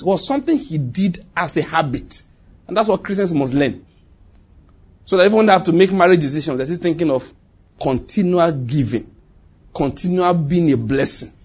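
Emphatic preacher, husky man. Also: fairly high pitch. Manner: emphatic, repeats phrases, swings from loud to quiet. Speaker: pastor. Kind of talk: sermon.

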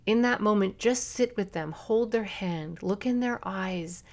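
A middle-aged woman hosting a parenting podcast, talking earnestly and coaching listeners with quick asides. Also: medium pitch, darkish tone. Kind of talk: solo podcast talk.

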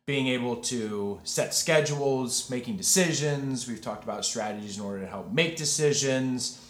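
A man hosting a podcast in casual chat, talkative and quick to laugh. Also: medium pitch, reverberant. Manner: chatty, laughs easily, lively delivery. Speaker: podcast host.

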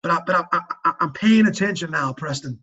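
In a muffled recording, a man with a voice on the high side talks quickly and animatedly, his tone sharp and slightly rough. He is a father offering parenting advice on a faith-based podcast, earnest about fathering, preachy and emphatic, with sentences he often restarts.

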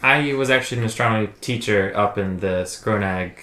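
A man's voice: fairly low pitch, brisk, bright, forceful tone. A man playing his character in a tabletop game, polite and hesitant. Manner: hesitant, polite, lots of fillers. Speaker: player. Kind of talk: in-character tabletop role-play. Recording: roomy echo.

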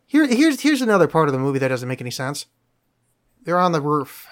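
A man with a somewhat high voice talks through a film on a casual podcast. He is animated and sarcastic, and he keeps breaking off and restarting his sentences as he picks the plot apart. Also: brisk. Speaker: podcast co-host. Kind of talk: casual film critique chat.

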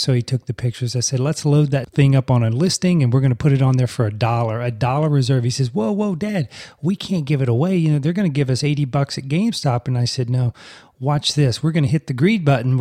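A man's voice: mid-range voice, darkish tone. A man in his forties hosting a podcast, chatting casually and telling folksy stories. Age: 40s. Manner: folksy storytelling, chatty and upbeat. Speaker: podcast host. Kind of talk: casual solo podcast talk.

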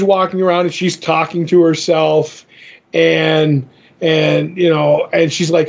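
A man's voice: a little high, level tone, a little slow. Rambling man on a podcast, dull audio. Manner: rambling, retells scenes with quoted voices. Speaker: podcast co-host. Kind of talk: casual comic book discussion.

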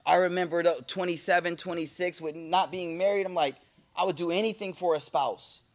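A man's voice: high-pitched, brisk. A man, likely in his late twenties or thirties, giving a casual motivational talk to an audience, telling funny stories and acting out other people's voices. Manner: animated storytelling with jokes and quoted voices.

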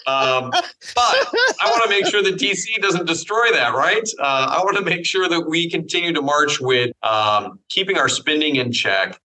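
A man's voice: fairly high pitch, big pitch swings, sharp tone, poor audio. A middle-aged man from Iowa, a congressman speaking earnestly and firmly in a political interview. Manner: earnest, firm, measured speech. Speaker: congressman guest.

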